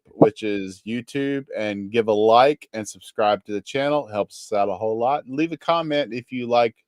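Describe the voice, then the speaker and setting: A Kentucky man with a softened version of his home accent hosts a live gaming show, chatting in a loose, joking, rambling way. His mid-range voice is smooth, and the recording is dry.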